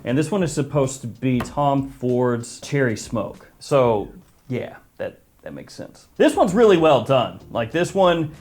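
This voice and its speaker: Chatty man with a lively voice. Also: mid-range voice, unhurried. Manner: jokey, chatty, self-mocking. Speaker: fragrance reviewer. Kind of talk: casual product review.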